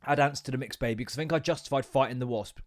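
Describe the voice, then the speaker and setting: Brief: young male podcaster, mid-pitched, rambling and self-mocking, lots of swearing. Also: racing. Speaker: podcast host. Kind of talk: casual solo podcast chat.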